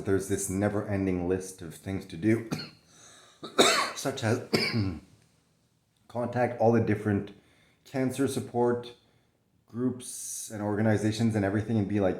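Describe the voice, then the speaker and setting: A man's voice: on the low side, roomy sound. A young man talking candidly from bed in a casual vlog, swearing often, restarting his sentences, coughing and short of breath. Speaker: vlogger sharing his illness. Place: in bed at home.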